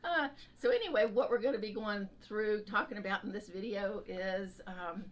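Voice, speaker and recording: A woman co-hosting a casual crafting chat, bubbly and quick to laugh. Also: medium pitch. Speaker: co-host.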